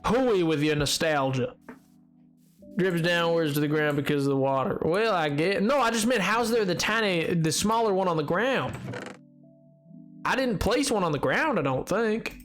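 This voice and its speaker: A man's voice: high-pitched, animated, moderate pace, a bit bright, faint music behind. A man streaming a game, chatting casually with chat in a rambling, playful way that stumbles over restarts. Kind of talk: casual live-stream chat while gaming.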